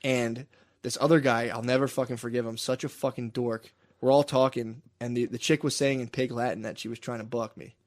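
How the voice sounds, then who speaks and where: A man's voice: mid-range voice, fairly even intonation, brisk. Young man, podcast co-host, rambling profane storyteller, laughs often. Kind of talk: casual storytelling chat.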